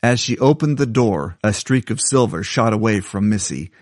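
A man reading his own short stories aloud in a measured storytelling delivery. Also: lowish voice, animated. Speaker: contributing story writer.

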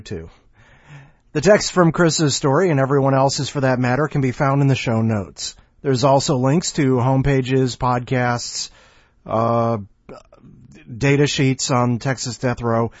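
A man's voice: medium pitch, no echo, dull audio. A man hosting a podcast in a casual, wry and joking way. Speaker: podcast host.

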